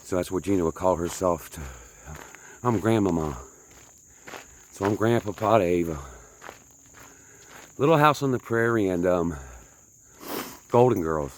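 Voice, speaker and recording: A deep-voiced man talks into his phone on an outdoor trail, short of breath from the climb. He chats loosely and teases himself, turning to the viewers as folks. Faint insects chirp behind him. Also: expressive, normal speed, long pauses, a little hiss or hum. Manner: chatty, self-mocking, talks to viewers as folks. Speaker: vlogger. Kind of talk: rambling hiking vlog.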